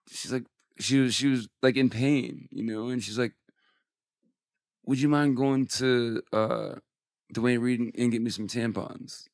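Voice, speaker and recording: A man's voice: medium pitch, no echo, studio quality. A man in his forties, a musician guest on an interview podcast, telling a personal story candidly and emotionally, with some swearing.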